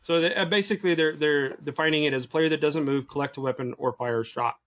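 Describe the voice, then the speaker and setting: A man with a slightly high voice walks his co-hosts through a news item on a gaming podcast. He is relaxed and patient, restating the points plainly. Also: fast, lo-fi sound. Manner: explains patiently, relaxed and matter-of-fact. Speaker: podcast co-host covering the news. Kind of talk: casual podcast chat.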